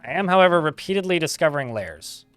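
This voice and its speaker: A man's voice: a little high, animated, fast talker, clear, resonant tone, dry recording, faint music behind. A man giving casual live gameplay commentary, chatting, reading game text aloud and swearing casually. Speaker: game streamer.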